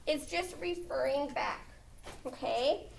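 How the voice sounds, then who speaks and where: Teacher lady going slow, high voice, echoey room, sounds far from the mic. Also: vocal fry, slight background noise. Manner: explains with repeated "okay?" checks. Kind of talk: classroom grammar lesson. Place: classroom.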